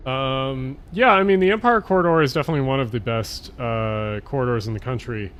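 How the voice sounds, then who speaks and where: A man's voice: mid-range voice, fairly quick, a bit bright, smooth. A man with a Jersey and Philly area accent, talking in a loose late-night stream. He rambles, runs words together and swears casually as he thinks aloud. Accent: New Jersey/Philadelphia.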